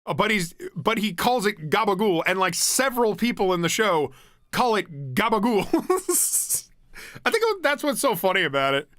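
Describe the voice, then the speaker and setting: His voice sits high with big pitch swings this time, though he keeps a measured pace while chatting loosely on a home stream. The young man is bright and forceful, laughs a lot, swears without hesitation, and skips between thoughts, all recorded close and dry with no echo.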